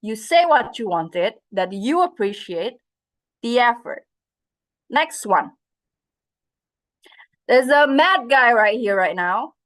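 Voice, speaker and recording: This online lecturer speaks in a fairly high, very animated voice with a touch of brightness, moving slowly and leaving long pauses. Over a video call she quizzes her students and switches into Indonesian phrases now and then.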